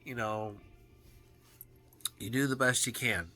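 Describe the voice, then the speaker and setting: Slow, bright-voiced man talking earnestly. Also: mid-range voice, fairly even intonation, faint music behind. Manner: halting, with frequent restarts and fillers; earnest and heartfelt. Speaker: vlogger. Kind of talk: personal video journal.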